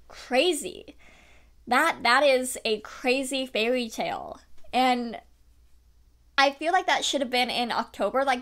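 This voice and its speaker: Animated, chatty young woman book vlogger. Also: sits high. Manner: animated, chatty, lots of fillers and laughs. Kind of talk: casual book review chat.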